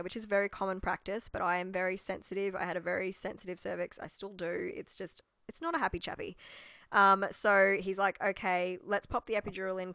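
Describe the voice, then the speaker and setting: Chatty Australian woman, low dry voice. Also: dry recording. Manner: chatty, animated retelling with quoted dialogue. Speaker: mother telling her birth story. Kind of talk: casual storytelling.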